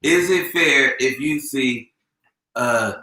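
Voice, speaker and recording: A man from Los Angeles with an LA accent, hosting a comedy show with loud, animated, profane teasing banter. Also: mid-range voice, slow, roomy sound, far from the mic, rough recording. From Lynwood, Los Angeles.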